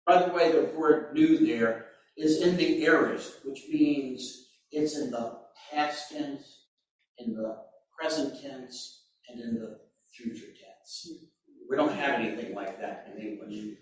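A man preaching a sermon, slow and deliberate, with sudden emphatic bursts. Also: mid-range voice. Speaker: pastor. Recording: very echoey room, mic far off.

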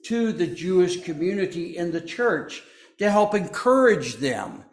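A man preaching from the pulpit, slow and unhurried, with a fairly high voice for a man. His delivery is folksy, with joking asides to the congregation. The sound rings around a roomy church sanctuary. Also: animated. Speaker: pastor. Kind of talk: sermon. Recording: echoey church.

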